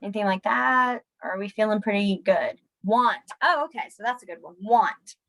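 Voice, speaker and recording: Over a rough recording, a young woman speaks at a moderate pace and medium pitch while instructing a relaxed online sign language class. Her manner is chatty and self-deprecating, and she livens up when students attempt signs.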